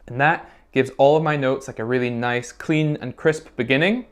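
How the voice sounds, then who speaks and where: With a clear, resonant medium-pitched voice at normal speed, a male music teacher leads a recorder lesson video for children. He encourages them, explains each step patiently, and often asks "okay?".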